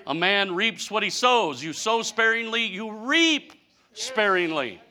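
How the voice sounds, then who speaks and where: Fifties male pastor; very animated pitch, folksy, comic whining delivery. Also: measured pace. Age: 50s. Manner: animated, mock-whining storytelling with a folksy drawl. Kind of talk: humorous sermon.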